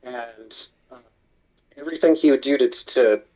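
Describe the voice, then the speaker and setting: A man's voice: mid-range voice, normal speed, rough recording. A man, a kitchen supervisor, telling a work story in casual chat and swearing a lot. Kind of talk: casual chat while gaming.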